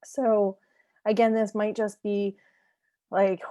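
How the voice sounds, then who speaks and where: A woman's voice: medium pitch, flat delivery, slow, pauses often, darkish tone, dry recording, clean studio sound. A woman teaching a parenting lesson in a conversational way, often checking in with "right?" and laughing lightly. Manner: laughs lightly between points. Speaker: parenting coach.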